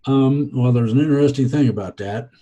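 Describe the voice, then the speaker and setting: Man, husky and dark-toned, hesitant, full of fillers, dry wry humor. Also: mid-range voice, fairly quick, lo-fi sound. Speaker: guest. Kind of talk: casual podcast chat.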